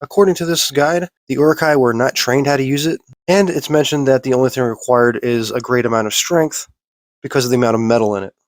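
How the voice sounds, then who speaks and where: A man's voice: mid-range voice, fairly even intonation, fast talker, no room sound. A young man with a stuffy, nasal voice from a cold, explaining how to use a sword in an instructional video with dry joking asides. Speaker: martial arts instructor.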